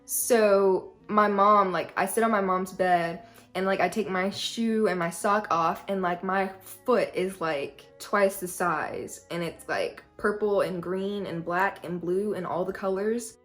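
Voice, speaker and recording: A woman's voice: medium pitch, steady tone, measured pace, few pauses, a bit bright, soft background music. A young woman vlogger telling a personal story in a casual, chatty way, full of "like". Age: young adult. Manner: chatty, peppered with "like".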